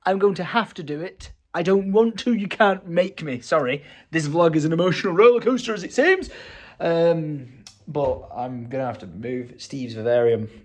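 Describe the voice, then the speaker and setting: Speaking at normal speed in a voice on the high side, a young Northern English man banters in a casual vlog, laughing often.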